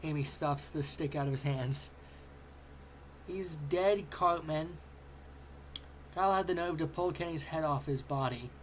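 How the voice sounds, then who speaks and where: A man's voice: a little high, brisk, few pauses, a little hiss or hum. A man reading fanfiction aloud, amused and stumbling over words now and then. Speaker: fanfiction reader.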